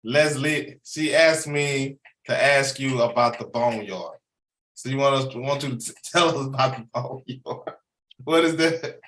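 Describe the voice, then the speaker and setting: A man hosts a sports interview show, chatting casually and warmly encouraging his guest while often saying "man." His medium-pitched voice is unhurried, and the recording is rough and reverberant.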